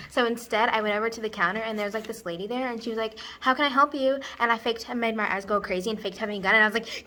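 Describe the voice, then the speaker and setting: A woman's voice: on the high side, sharp tone. A young woman acting a giddy teenage girl in a stage monologue, bubbly and full of valley-girl fillers. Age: young adult. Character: giddy teen girl obsessed with a pop-star voice. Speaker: student actor.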